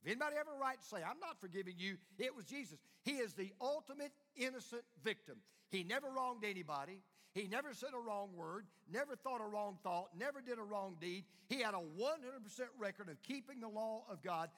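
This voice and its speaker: A man preaching a sermon as a pastor, swinging from hushed, close lines to loud, rising calls to the congregation. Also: high voice, expressive, fairly quick, few pauses. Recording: long hall reverb.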